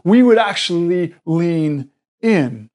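Earnest high-voiced preacher. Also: male voice, animated, slow, a little mellow. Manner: earnest, explanatory, with frequent restarts. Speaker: pastor. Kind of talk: sermon.

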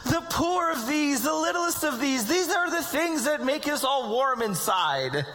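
A man preaching a sermon to his congregation, animated and conversational, with joking asides. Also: very high-pitched, unhurried. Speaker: pastor. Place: church sanctuary with congregation. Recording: long hall reverb.

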